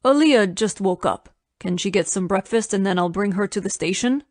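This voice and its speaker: A woman's voice: medium pitch, moderate pace, a little mellow, no echo, clean studio sound, close to an everyday voice. Woman voicing Victor, a commanding billionaire. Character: Russian billionaire man in his thirties, protective, commanding.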